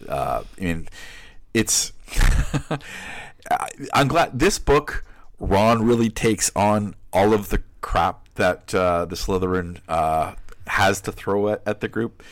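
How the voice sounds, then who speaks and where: A man co-hosts a casual book podcast, searching for words and restarting his sentences. His voice sits low, with a close, dry sound. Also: animated, dry recording. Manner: halting, many restarts. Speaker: podcast co-host.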